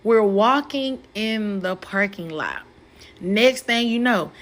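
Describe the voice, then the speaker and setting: Animated, profane woman telling a story. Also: medium pitch, takes it slowly. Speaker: podcast host. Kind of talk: casual storytelling.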